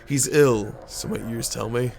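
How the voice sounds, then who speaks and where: A man's voice: mid-range voice, unhurried, gravelly, crowd noise. A man reading aloud the lines of a blunt woman initiate in a game, with folksy turns of phrase. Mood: scornful. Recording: game music behind.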